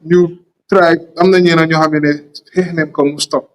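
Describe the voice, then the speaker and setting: Gambian man, fairly high voice. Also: flat delivery, moderate pace, slight background noise, low-quality recording. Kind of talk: talk show discussion.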